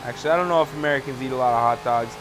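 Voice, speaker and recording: A man's voice: mid-range voice, very fast, over music. A young Canadian man giving casual, joking gameplay commentary from a home setup, rambling and full of fillers. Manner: laid-back, rambling, joking, lots of fillers. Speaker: gaming channel host.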